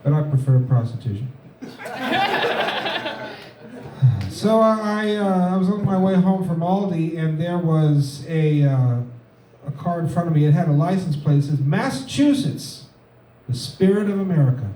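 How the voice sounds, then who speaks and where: A man doing a stand-up set in a comedy club, delivering deadpan one-liners with halting fillers. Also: a little high, recorded from a distance. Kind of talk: stand-up set at an open mic. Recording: echoey room, mic heard from afar, faint noise.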